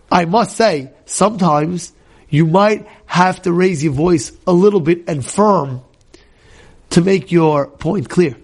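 Lively high-voiced rabbi teaching. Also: male voice. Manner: animated, acts out shouting examples, mixes Hebrew quotes with English. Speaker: rabbi teaching a Torah class. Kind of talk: lively Torah class.

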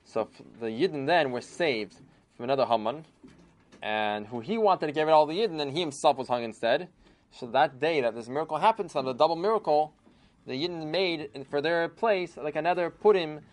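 Animated male storyteller. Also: a little high, fairly quick. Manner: animated, lively retelling with sudden bursts. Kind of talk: oral storytelling.

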